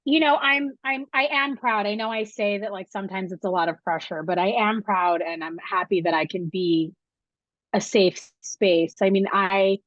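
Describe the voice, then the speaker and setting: A woman's voice: medium pitch, steady tone, normal speed, no room sound. A young woman, a film school professor, talking candidly and animatedly in an interview, with casual swearing. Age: young adult. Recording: dull, dry recording.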